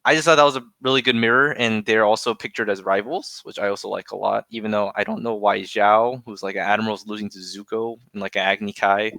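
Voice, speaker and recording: Young man, podcast co-host, bright forceful voice, smooth tone, dry sound, low pitch. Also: fairly even intonation, fast talker, few pauses, no room sound. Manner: rambling with restarts and fillers. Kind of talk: casual chat.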